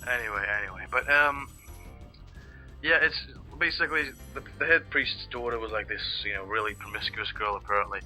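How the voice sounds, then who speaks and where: A man's voice: on the low side, brisk, bright, forceful tone, faint music behind. A man chatting casually over a video game, rambling, swearing freely and often hunting for the right word. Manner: rambling, profane, searching for words. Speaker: let's play co-host. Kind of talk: casual chat over gameplay.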